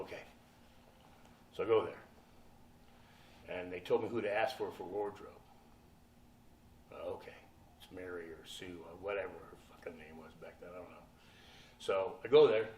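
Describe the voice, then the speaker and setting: Speaking in a deep, slightly fast voice that pauses often, a sixty-something man on a convention panel spins a laughing, profane story for the audience and plays out its characters. The sound is distant and echoey.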